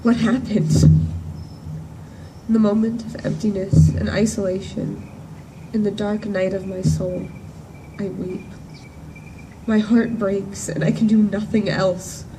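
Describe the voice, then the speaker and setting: A woman in a church performing a monologue as a grief-stricken woman disciple at the empty tomb. She speaks earnestly and in measured phrases, with emphatic repetitions. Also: mid-range voice, flat delivery, dark tone, a little hiss or hum, lightly acted. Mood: grieving. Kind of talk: dramatic first-person monologue. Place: church service at sunrise. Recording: distant voice with faint room ambience.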